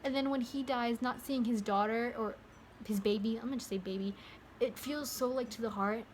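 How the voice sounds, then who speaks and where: A woman's voice: fairly high pitch, fairly even intonation, a little fast, slight background noise. A young woman talking casually to camera in a movie review vlog, rambling and interrupting herself with lots of fillers. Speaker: vlogger.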